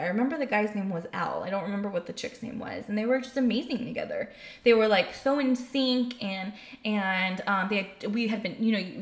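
A young woman telling a personal story in casual chat, candid and profane, saying "like" constantly. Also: mid-range voice. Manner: candid, profane, heavy use of "like". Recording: roomy echo.

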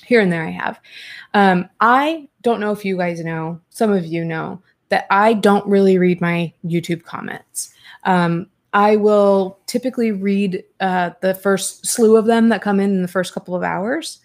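A woman hosting a casual chat show, reading out viewer comments and reacting in a blunt, talkative way, often cursing. Her voice is mid-pitched with a gravelly, creaky edge, and she rushes through thoughts with many restarts. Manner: blunt, swears, reads viewer comments aloud.

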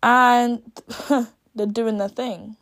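A woman's voice: on the high side, fairly even intonation, very slow. A young woman in a casual video, chattily retelling a novel's plot and acting out the characters' lines as she goes. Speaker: book reviewer.

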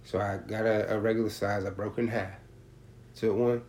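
A man in casual chat explaining his prices, talking in streetwise, profane slang and telling stories in an animated way. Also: fairly low pitch, moderate pace, slight background noise. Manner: animated storytelling with acted-out quotes.

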